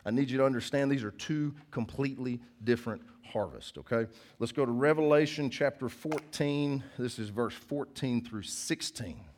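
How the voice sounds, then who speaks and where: A middle-aged man preaching a sermon, telling personal stories as he swings between loud bursts and hushed asides. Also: medium pitch, normal speed.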